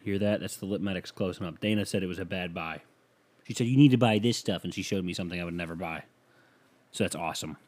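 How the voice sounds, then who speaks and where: Brief: young male podcast host, rambling self-mocking comic monologue, lowish voice. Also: steady tone, fast talker. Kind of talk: comedic solo podcast monologue. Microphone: studio microphone.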